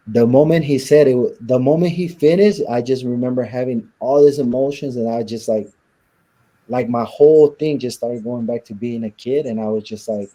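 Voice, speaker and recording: As an interview guest, a Southern California man tells his story bluntly in rough language, acting out what others said. His voice is very dark, mellow and a bit husky, at medium pitch and moderate pace. The recording is rough.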